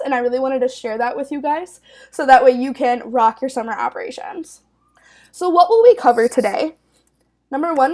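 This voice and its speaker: A young woman in her twenties giving a training webinar as a network manager, upbeat and casual with frequent fillers and laughs. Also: high-pitched.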